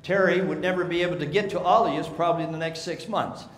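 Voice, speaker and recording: A man's voice: on the high side, steady tone, fast talker, a little hiss or hum. Man speaking in an echoey seminar hall. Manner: storytelling with rhetorical questions to the audience. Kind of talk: business seminar talk. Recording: echoey hall with faint ambience.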